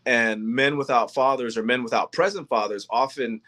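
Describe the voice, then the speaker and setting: A man's voice: mid-range voice, normal speed, pushed and bright. A man hosting a faith-based talk show, speaking earnestly with frequent ums and restarts. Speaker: host. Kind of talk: monologue on faith and manhood.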